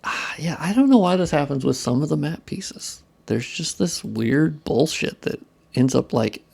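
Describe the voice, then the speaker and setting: Young man, gravelly voice, casual stream chatter, profane muttering, self-deprecating. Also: fairly high pitch, expressive, unhurried, darkish tone. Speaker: modding streamer. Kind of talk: casual live-stream chat while working.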